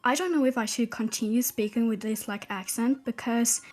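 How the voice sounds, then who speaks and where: A woman's voice: a little high, moderate pace, darkish tone, soft background music. A young woman calling in, talking hesitantly with many fillers. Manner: hesitant, lots of fillers and laughs. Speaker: caller. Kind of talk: casual chat.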